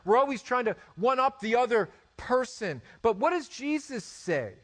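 A man in his forties preaching a sermon, animated, with rhetorical questions and stammered restarts. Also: very high voice, moderate pace, few pauses. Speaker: pastor.

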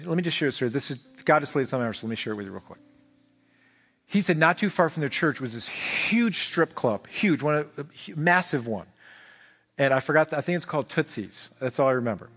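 A man preaching a sermon as pastor, emphatic and repetitive, swinging between fervent and hushed. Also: medium pitch, big-room sound. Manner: repeats phrases for emphasis. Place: church sanctuary.

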